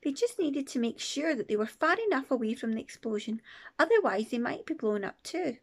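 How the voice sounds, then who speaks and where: High-voiced woman reading aloud. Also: fairly quick. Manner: expressive, playful asides. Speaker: primary teacher. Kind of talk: storybook read-aloud.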